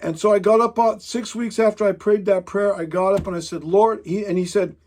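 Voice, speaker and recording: A man's voice: sits high, steady tone, fairly quick, a little mellow. A man preaching a sermon, talking in an emphatic, rambling way with frequent restarts. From Pacific Northwest, United States.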